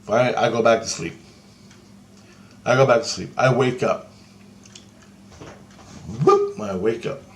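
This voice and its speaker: A man telling a rambling, profane first-person story of a vision, excitably acting out what others said to him. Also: medium pitch, slow, pauses often, a little hiss or hum. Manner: profane, excitable storytelling that acts out quoted voices.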